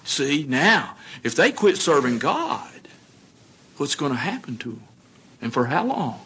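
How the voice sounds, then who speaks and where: A man giving a sermon, telling stories in an animated way and putting questions to his listeners. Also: mid-range voice, husky. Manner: animated storytelling, acts out dialogue, asks the audience questions. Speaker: congregation speaker.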